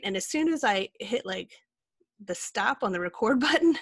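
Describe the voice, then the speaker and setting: A woman co-host in an open, easygoing podcast chat, rambling candidly and leaning on filler words. Her voice sits at an ordinary middle pitch. The sound is dry and close, with no room around it. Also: expressive, moderate pace, vocal fry, a bit bright, dry recording. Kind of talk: casual chat.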